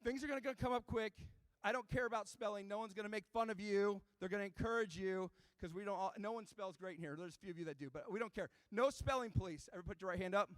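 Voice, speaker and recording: A middle-aged man giving a youth ministry talk to young students, telling an animated story and speaking straight to the kids. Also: sits high, fast talker, no room sound. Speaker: youth pastor. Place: church youth room before a live audience.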